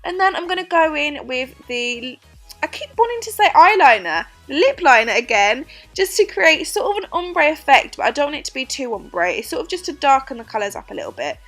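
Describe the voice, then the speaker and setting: Giggly high-voiced young woman. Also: fairly bright tone. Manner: chatty, giggly, self-mocking. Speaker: beauty vlogger. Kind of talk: casual makeup tutorial voice-over.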